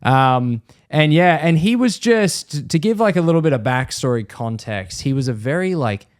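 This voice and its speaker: A man's voice: a little high, sing-song, moderate pace, clean tone, dry recording, clean studio sound. A man co-hosting a podcast, telling a funny story in a casual, swearing way. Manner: laid-back, swears, acts out voices in his stories. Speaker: podcast co-host.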